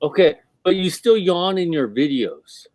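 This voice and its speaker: A man's voice: sits high, expressive, a little slow, darkish tone, no echo. A man co-hosting a casual livestream, blunt and teasing, swearing often. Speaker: livestream co-host.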